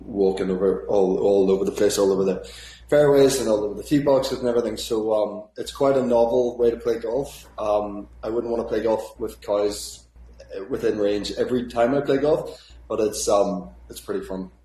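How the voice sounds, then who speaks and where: A man in his thirties, an actor guest in a casual remote interview, talking in a relaxed, rambling way with lots of fillers. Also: on the low side, moderate pace, reverberant, poor audio.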